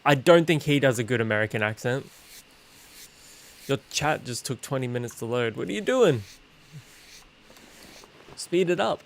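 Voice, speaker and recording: An Australian man streaming a game, chatting in a relaxed way and swearing casually. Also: mid-range voice. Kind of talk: casual chat while gaming.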